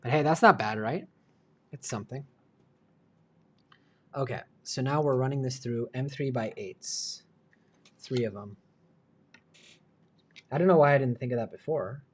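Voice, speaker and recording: Male streamer working indoors on a hobby build, chatty and self-mocking, mid-pitch voice. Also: measured pace, long pauses, breathy edge. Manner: muttering to himself, self-deprecating, chatty asides. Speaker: livestream host. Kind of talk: live build stream, thinking aloud.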